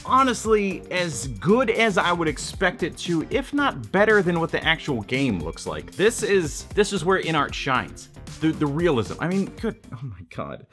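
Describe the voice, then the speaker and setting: A man's voice: a little high, fairly bright tone. A man casually reviewing an action figure, chatty and self-mocking, breaking into exclamations. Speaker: toy reviewer.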